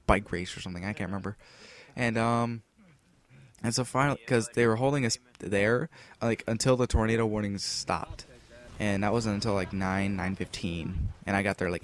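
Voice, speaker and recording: A teenage boy from the United States telling a rambling story over gameplay, full of fillers and restarts. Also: fairly low pitch. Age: teens. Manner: rambling, filler-heavy, with restarts and acted-out quotes. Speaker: gameplay commentator.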